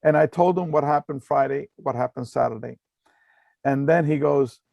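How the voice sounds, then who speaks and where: A man's voice: medium pitch, moderate pace, gravelly, darkish tone, dry recording. Middle-aged man, dry close sound, earnest storyteller with lots of ums. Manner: earnest, full of fillers and repeated phrases. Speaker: speaker giving a talk. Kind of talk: personal storytelling talk.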